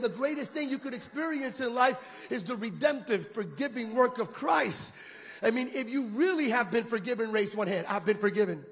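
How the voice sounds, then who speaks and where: A man preaching a sermon with impassioned shouted peaks, leading his congregation in call-and-response. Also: very high-pitched, animated, moderate pace, a little hiss or hum. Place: church sanctuary. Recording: long reverb of a large hall.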